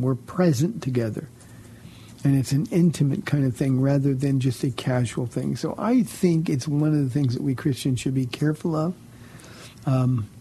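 A man pastor hosting a call-in radio show, answering Bible questions in an earnest, halting way with frequent repeated words. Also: mid-range voice, dark tone, slightly rough.

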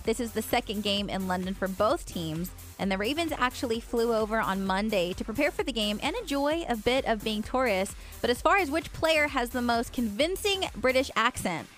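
A woman co-hosting a morning radio show, reading local news stories in a clear newsreader delivery with chatty asides. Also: fairly high pitch, expressive, moderate pace, few pauses, a bit bright, soft background music.

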